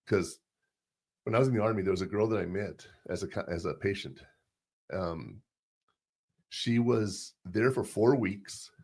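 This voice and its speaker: A middle-aged man with a husky, slightly low voice hosts a laid-back podcast. He talks in loose, rambling stories and slips into the voices of the people he quotes. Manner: tells rambling personal anecdotes, acts out quotes. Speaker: podcast host. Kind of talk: casual advice podcast chat.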